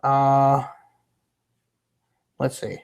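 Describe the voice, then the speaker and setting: A young man livestreaming and chatting with viewers, stammering and restarting a lot, his voice rough from a sore throat and his pitch wandering up and down. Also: monotone, extremely slow, dull audio. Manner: rambling, stammering, with many restarts; pitch fluctuates, drifting into a bouncy entertainer's voice. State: sore throat from being sick. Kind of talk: casual chat reading viewer comments.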